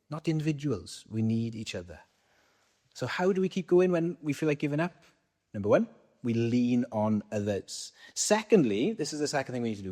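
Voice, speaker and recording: A man's voice: medium pitch, warm tone. A man with a Welsh accent preaching a sermon in a conversational way, putting questions to the congregation and answering them himself.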